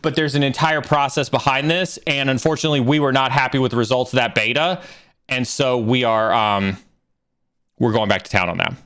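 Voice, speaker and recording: A man's voice: medium pitch, a little fast. A middle-aged man hosting a casual livestream Q&A, answering career questions and telling stories with lots of fillers and restarts. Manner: animated storyteller, fillers and restarts.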